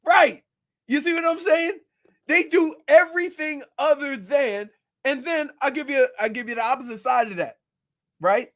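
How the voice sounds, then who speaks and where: High-voiced, animated sports radio man. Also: moderate pace. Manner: animated, emphatic, laughs often, repeats words. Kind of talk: casual sports talk.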